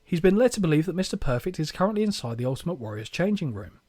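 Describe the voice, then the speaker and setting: A man's voice: on the high side, very animated, racing, darkish tone, no echo, studio quality. A man hosting a podcast, recapping with wry, sarcastic jokes. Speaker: podcast host. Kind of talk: comedic recap podcast chat.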